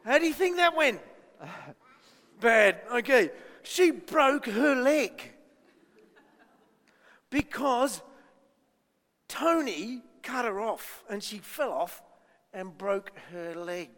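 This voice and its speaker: A man's voice: extremely high pitch, expressive, takes it slowly, long pauses, fairly bright tone, in a large hall. A man giving a playful children's talk at church, asking the kids lots of questions. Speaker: children's minister.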